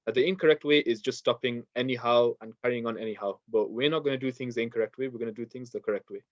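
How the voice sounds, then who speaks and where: Male recitation teacher: steady, repeats each step, mid pitch, dry and slightly muffled audio. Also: quick pace, dry recording. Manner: patient, repeats steps, recites verses in Arabic. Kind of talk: online class lesson.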